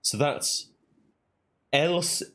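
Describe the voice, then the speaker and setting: Speaking extremely slowly in a fairly bright voice on the high side, a man streams a puzzle game. He thinks aloud and sounds out invented words in a laid-back let's-play style.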